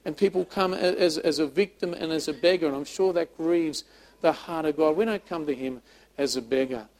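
A man preaches a sermon in a slightly higher-than-usual voice. He is emphatic, repeats words, and swings from loud passages to soft ones. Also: a little fast, poor audio. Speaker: pastor.

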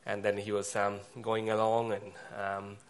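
A man preaching a sermon, speaking haltingly with fillers and pauses. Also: lowish voice, completely flat delivery, smooth.

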